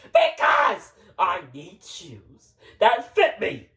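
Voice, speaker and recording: A loud, short-tempered frog customer storms through every complaint, voiced by a single performer. The pitch swings widely while the delivery stays slow and heavy. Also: very animated, recorded from a distance, heavily acted. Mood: angry. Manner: shouting, indignant complaints.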